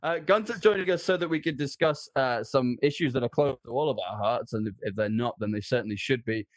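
A man's voice: medium pitch, a little fast, no echo. A man hosting a podcast interview, chatty and easygoing. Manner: chatty, easygoing, laughs along. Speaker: podcast host.

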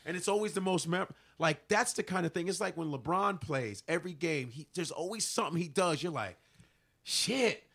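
Man, comedian guest, casual podcast chat, profane storyteller, bright tone. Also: fairly high pitch, fairly quick, gravelly, hardly any pauses. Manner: animated storyteller, acts out quotes in funny voices; swears freely, trails off searching for names.

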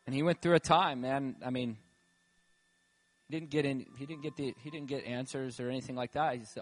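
A man preaching a sermon and telling a personal story, moving between loud emphatic calls and quiet, tender narration. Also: medium pitch, fairly even intonation, fairly quick, faint music behind. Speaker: pastor. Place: church gathering.

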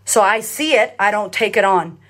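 A woman's voice: medium pitch, normal speed, fairly bright tone. Blunt, swearing woman on a live stream. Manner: blunt, swearing, emphatic and repetitive. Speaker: confidence coach and host. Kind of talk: casual live-stream talk.

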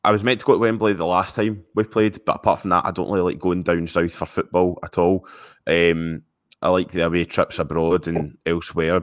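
Scottish man, very low voice, halting podcast guest. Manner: hesitant, halting. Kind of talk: casual podcast chat.

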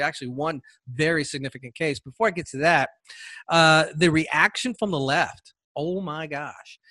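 A man's voice: a little high, fairly bright tone, no echo. A man hosting a solo political commentary podcast, talking with sarcasm and mocking asides. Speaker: podcast host.

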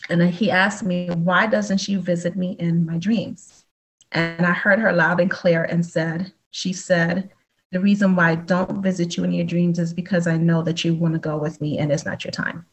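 A woman guest in an interview telling stories in a lively way, acting out the dialogue as she goes. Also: fairly low pitch, normal speed, husky, rough recording. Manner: animated, acts out dialogue in storytelling. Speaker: guest, psychic medium. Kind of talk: conversational storytelling.

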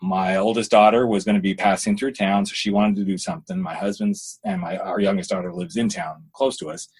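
A middle-aged man hosting a podcast, chatting candidly and telling stories in a casual, expressive way. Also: lowish voice, brisk, creaky, breathy edge. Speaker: podcast host.

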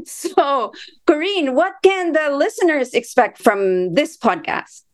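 A woman with a Filipino accent and a fairly high voice, chatting on a relaxed podcast. She talks loosely, with fillers and quick laughs, as she asks questions and tells her own story. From Philippines. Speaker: co-host asking questions. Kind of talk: casual podcast conversation.

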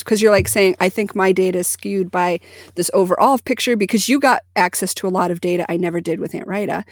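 A woman co-hosting a podcast, telling a family story in an earnest, animated way. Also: mid-range voice, no echo, studio quality. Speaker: podcast co-host. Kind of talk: casual conversation.

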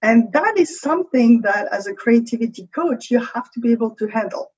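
A woman's voice: on the high side, lively intonation, fairly quick, a little mellow, muffled recording. A woman with a French accent, a creativity coach, explaining ideas in a conversational interview and often checking in with "right?".

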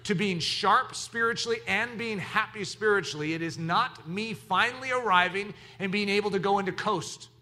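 A man preaching a sermon as pastor of his church, animated, moving from quiet asides to shouted exclamations. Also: sits high, moderate pace, few pauses.

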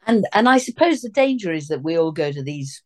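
Woman, podcast host, hoarse, gruff, lower voice, chatty asides. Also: big pitch swings, a little fast. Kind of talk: conversational podcast interview.

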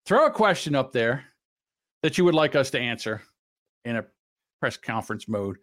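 A man's voice: medium pitch, sing-song, moderate pace, fairly bright tone. A man hosting a podcast in casual chat, rambling and blunt, swearing freely. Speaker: podcast host.

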